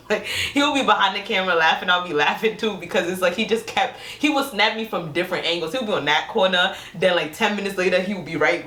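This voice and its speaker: A young woman telling a couple's story with lively energy, acting out quotes with big jumps in her voice and laughing often. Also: lowish voice. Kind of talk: animated storytelling. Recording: roomy sound from a distant mic.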